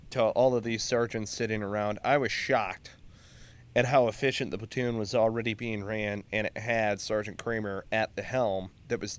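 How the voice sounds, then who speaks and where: Profane, storytelling Marine veteran man. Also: medium pitch. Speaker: Marine veteran podcast co-host. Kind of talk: casual storytelling chat.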